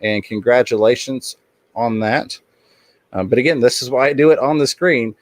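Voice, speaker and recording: A man's voice: mid-range voice, normal speed, no echo. A man hosting a casual livestream in an upbeat way, reading the chat aloud and thanking viewers. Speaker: livestream host.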